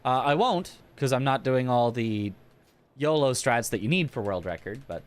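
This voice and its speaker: A man's voice: medium pitch, lively intonation, moderate pace. A man casually chatting and joking while streaming a speedrun. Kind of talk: casual live-stream commentary.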